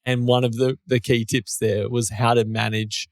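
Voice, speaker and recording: A man's voice: mid-range voice, level tone, normal speed, no echo, studio quality. A man, co-hosting a casual chat and explaining his thoughts at length with small restarts. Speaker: podcast co-host.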